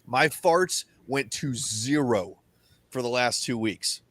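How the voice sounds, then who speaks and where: A young man hosting a podcast, telling crude stories in profane, animated casual banter on a close mic. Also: mid-range voice, slow pace, no room sound. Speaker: podcast host.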